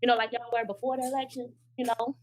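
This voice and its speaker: A woman's voice: fairly high pitch, little pitch movement, fast. A woman resident earnestly pleading with officials at a town meeting's public comment. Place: meeting hall.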